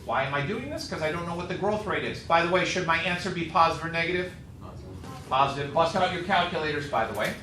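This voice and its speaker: A man's voice: fairly high pitch, animated, fast, bright, forceful tone. A man teaching a calculus class, tired and joking with his students as he works through a problem. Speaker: math teacher. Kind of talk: classroom lecture. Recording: echoey classroom with faint noise.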